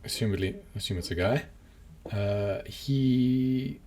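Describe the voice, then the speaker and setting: A man's voice: lowish voice, takes it slowly, mellow. A man co-hosting a podcast, chatting casually and rambling, with lots of fillers and restarts. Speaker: podcast co-host.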